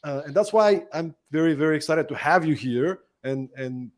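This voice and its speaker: A man's voice: a little high, lively intonation, moderate pace. A man hosting a podcast interview, enthusiastic, laughing easily and often repeating words as he starts sentences. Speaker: podcast host. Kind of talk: casual interview chat.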